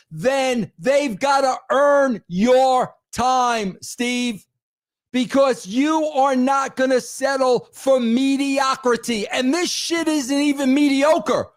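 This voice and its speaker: High-pitched, slow, exasperated man ranting. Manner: exasperated, crude, repeats himself for emphasis. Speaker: host. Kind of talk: ranting commentary.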